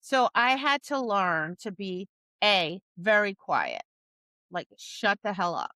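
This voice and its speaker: A woman's voice: mid-range voice, very animated, slow pace, pushed and bright, no room sound. A woman co-hosting a podcast about dog training, talking casually and acting out cheery voices and dog reactions. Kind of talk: casual chat.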